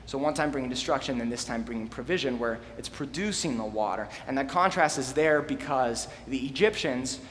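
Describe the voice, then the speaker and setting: A young man preaching a relaxed, slangy, conversational sermon in a church and reading scripture aloud. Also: mid-range voice, brisk, few pauses. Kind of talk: casual sermon. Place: church hall. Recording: long hall reverb, faint room noise.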